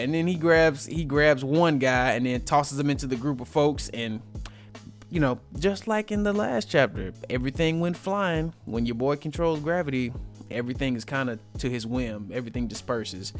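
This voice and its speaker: A man giving a casual, joking recap of a manga chapter, full of slang and asides. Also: medium pitch.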